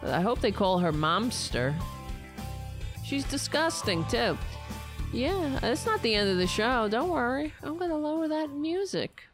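A woman's voice: high-pitched, big pitch swings, a little slow, music in the background. A woman hosting a political podcast livestream, talking in a sarcastic, mocking and profane way, rambling and correcting herself as she goes.

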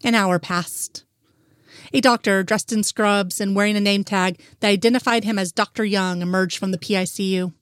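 Woman narrator, brisk even read-aloud, dry close mic. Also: medium pitch, smooth, dry recording. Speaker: story reader. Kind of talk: reading romantic fan fiction aloud.

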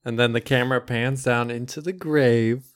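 A man co-hosting a comedy podcast, narrating an improvised scene in a halting way. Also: medium pitch, fairly even intonation.

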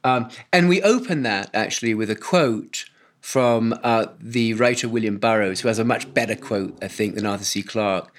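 Middle-aged man, English accent, dry wit, halting podcast guest chat. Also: fairly low pitch. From born in Hawaii, raised in Portugal and England. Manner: wry, self-deprecating, hesitant restarts.

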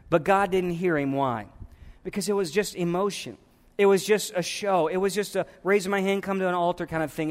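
Male pastor, fairly high voice, fervent sermon delivery that swings from hushed to loud, long church reverb. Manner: impassioned preaching, swings between hushed and loud. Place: church sanctuary.

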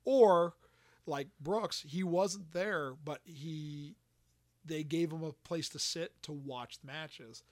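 A man casually telling a story on a podcast, animated and swearing, acting out quotes. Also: on the high side, takes it slowly, no room sound.

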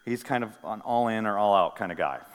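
A male pastor giving a sermon, moving between hushed, intimate lines and loud, emphatic ones, with casual asides and light humor. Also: fairly low pitch, brisk, smooth, in a large hall. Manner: animated preaching, swinging from soft to loud. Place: church sanctuary.

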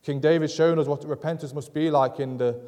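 A man preaching a sermon in an earnest, measured way, driving points home through repetition. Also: a little high, steady tone, dark tone, big-room sound. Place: church sanctuary.

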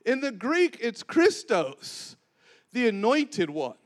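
A man with a strikingly high voice preaches a sermon. He is animated, plays out the scripture dialogue with lively changes of voice, and calls on the congregation to echo words back. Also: slow.

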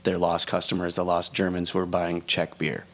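Low-voiced young man explaining casually. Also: completely flat delivery, a bit bright. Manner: explanatory, slow and deliberate when informing. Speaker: podcast co-host. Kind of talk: casual chat.

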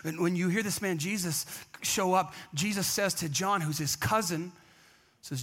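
High, bright-voiced preaching man. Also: moderate pace, breathy edge. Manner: conversational, acts out quoted voices; energetic, emphatic storytelling. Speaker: pastor. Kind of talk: sermon.

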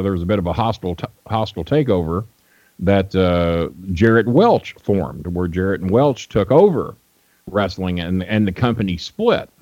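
A man's voice: deep voice, darkish tone, no room sound. Older man telling rambling stories. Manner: rambling, blunt storyteller with frequent fillers. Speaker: guest wrestling manager. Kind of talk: storytelling in a radio interview. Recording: dull, dry lo-fi radio audio.

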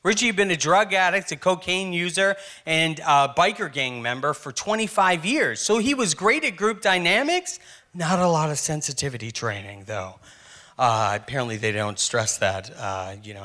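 Man, stand-up comedian, wry, self-mocking, bright tone. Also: a little high. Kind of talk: stand-up storytelling.

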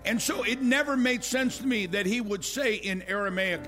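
Older male preacher, high and forceful, impassioned emphatic sermon delivery, soft music behind. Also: brisk, few pauses.

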